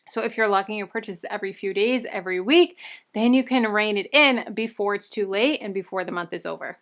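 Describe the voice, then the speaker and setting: A young woman chats through money-saving tips in a friendly, enthusiastic way. She sounds a little breathless, taking frequent breaths between phrases. Her voice sits at an ordinary middle pitch. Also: brisk, fairly bright tone. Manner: upbeat, friendly, enthusiastic recommendations. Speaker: personal finance vlogger. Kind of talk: casual advice talk to camera.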